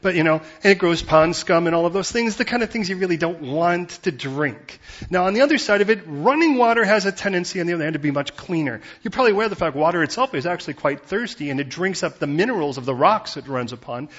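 Husky animated preacher, lo-fi sound. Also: male voice, high voice, quick pace. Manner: conversational and animated, acts out biblical voices. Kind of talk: sermon. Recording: dull lo-fi recording.

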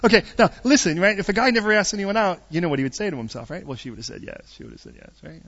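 A middle-aged man preaching a storytelling sermon, joking and swinging between loud bursts and hushed asides. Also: high-pitched, racing, vocal fry. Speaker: pastor. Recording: dull lo-fi sound.

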